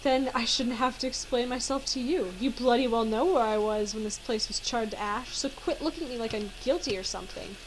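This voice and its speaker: Woman reading a sarcastic young rival wizard, haughty, plain reading, slightly high voice. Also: brisk, hardly any pauses, a little hiss or hum, close to an everyday voice, low-quality recording. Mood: snide.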